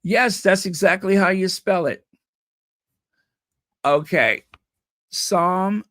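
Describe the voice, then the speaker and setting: A channel host chats through a live stream in a high, pushed, bright voice at a slow pace, captured in clean studio sound with no echo. He rambles playfully and repeats words again and again while testing how to pronounce them.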